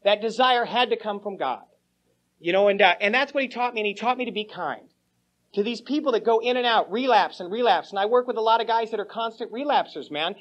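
On a lo-fi old cassette tape, a man tells his recovery story at an AA meeting before a live audience in a meeting room. He's joking and slangy, calling listeners "man" and "bro," with a high, brisk, slightly bright voice.

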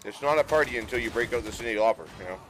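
A man streaming a video game, chatting casually, joking and laughing often, and reacting loudly to the game. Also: mid-range voice, rapid-fire, a little hiss or hum. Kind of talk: casual gaming chat.

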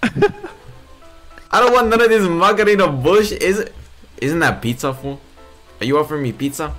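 A man's voice: medium pitch, fairly quick, a bit bright, faint music behind, natural voice. A man voicing Jose, a brash man in a game roleplay who calls everyone fool. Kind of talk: GTA-style game roleplay.

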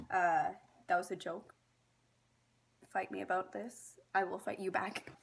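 A woman's voice: medium pitch, a little hiss or hum. A young woman reacting to a music video, gushing and squealing with frequent laughter as the video plays behind her. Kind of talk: excited reaction vlog. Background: music video playing.

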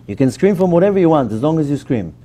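Animated rabbi, mellow higher voice. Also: male voice, fast talker. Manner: emphatic, animated teaching with questions to the audience. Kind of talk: Torah class to a live audience.

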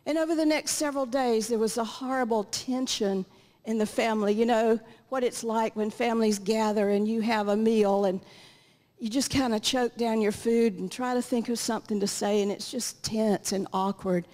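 A woman's voice: fairly high pitch, fairly even intonation, moderate pace, a little mellow. Older woman telling her life story. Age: 60s or 70s. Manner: earnest storytelling, acts out quotes. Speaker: guest speaker. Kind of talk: personal testimony in a church meeting. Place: church meeting hall. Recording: reverberant church hall.

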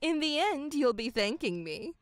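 A domineering middle-aged mother, pompous and loud, her voice pitched high and pushing forward in a dramatized story reading, as a woman puts her on. The delivery is dry and close, with faint music underneath. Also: very animated, moderate pace, dry recording. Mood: insistent. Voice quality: loud and overbearing.

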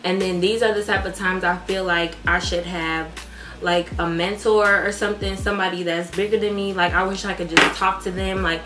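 A young beauty vlogger with a fairly low voice talks at normal speed in an echoey room, with music underneath. She's candid, animated, and heavily profane as she chats while applying makeup.

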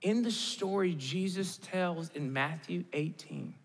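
A man's voice: high voice, slow pace, big-room sound. A man preaching a sermon in a conversational way, with joking asides and quotes he acts out. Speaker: pastor.

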